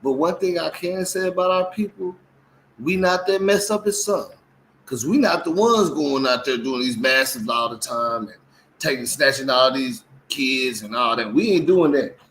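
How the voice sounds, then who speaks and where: A man's voice: medium pitch, expressive, moderate pace, a bit bright, a little hiss or hum, low-quality recording. A man co-hosting a casual commentary chat, talking animatedly and acting out quotes in mimicking voices. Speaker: co-host.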